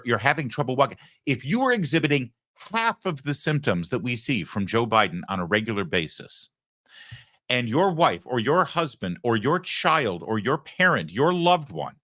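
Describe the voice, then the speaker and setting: A man's voice: mid-range voice, big pitch swings, normal speed, bright, forceful tone, no room sound, studio quality. A man hosting a political commentary show, delivering a sarcastic opinion monologue and acting out the people he quotes. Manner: sarcastic, mocking, acts out quoted voices.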